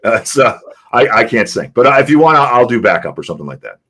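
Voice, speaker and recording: A man's voice: mid-range voice, big pitch swings, fast talker, sharp tone, breathy edge. A man from New England in casual conversation, rambling and repeating words as he talks. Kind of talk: casual live-stream chat.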